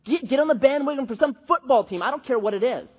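Husky guy preaching, bouncy high voice, long hall echo, kinda muffled. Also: fast talker. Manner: animated, joking, conversational preaching with many restarts. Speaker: pastor. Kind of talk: sermon. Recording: dull, reverberant hall recording.

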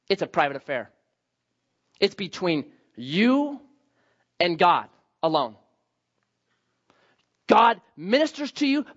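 Male pastor, animated sermon, bright tenor that leaps up and down. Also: high-pitched, dull audio. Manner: animated storytelling with self-mocking jokes. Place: church sanctuary.

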